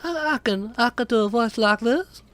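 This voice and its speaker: A congested man putting on high, squeaky cartoon character voices. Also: moderate pace, a bit bright, no echo. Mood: cartoonish. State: sick, congested.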